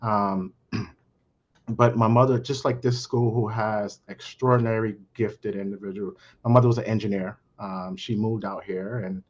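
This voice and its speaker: A middle-aged man from Brooklyn, under the weather, speaking on a panel in a halting way full of fillers. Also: lowish voice, fairly even intonation, muffled recording. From Brooklyn, New York. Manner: halting, many fillers and restarts. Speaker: panel guest, account manager. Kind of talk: casual panel talk.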